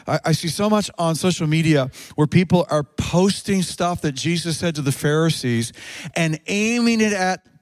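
A man preaching a sermon in a fairly high voice. He speeds through some phrases, drags others out slowly, and now and then bursts into a shout. The sound is dry and close, with no room echo. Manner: preaching with sudden shouted rises and drawn-out slow phrases. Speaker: pastor.

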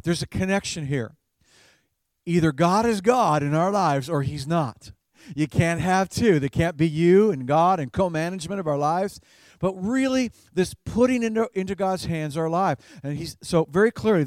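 A male pastor delivering a sermon in a relaxed, conversational manner, with a voice pitched a little higher than most men. He laughs lightly at his own stories and repeats words as he finds his way. The sound is dry and close, with no room echo. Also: moderate pace.

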